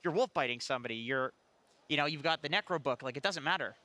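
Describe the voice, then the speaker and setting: A man's voice: on the high side, fast, bright, forceful tone. A man on an esports panel, loose, chatty and joking. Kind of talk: casual panel chat.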